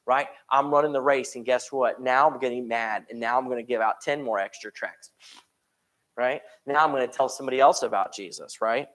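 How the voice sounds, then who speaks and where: A man's voice: mid-range voice, fairly quick, fairly bright tone. A man with an American accent teaching a church Bible study in a conversational way. He often checks in with the room and briefly acts out voices he quotes. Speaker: preacher.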